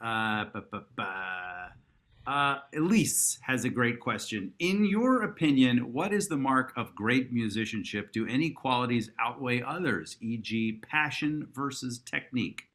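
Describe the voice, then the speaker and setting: Bright-voiced man with dry jokes. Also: mid-range voice, animated, a little slow. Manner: dry joking asides. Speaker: interviewer reading fan questions. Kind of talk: casual chat.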